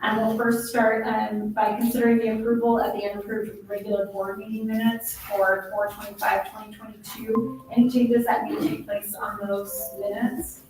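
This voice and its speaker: A woman's voice: medium pitch, level tone, moderate pace, hardly any pauses, darkish tone, soft background music. A woman chairing a school board meeting, reading through agenda items in a procedural way. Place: public board meeting room. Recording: echoey room, distant mic, faint noise.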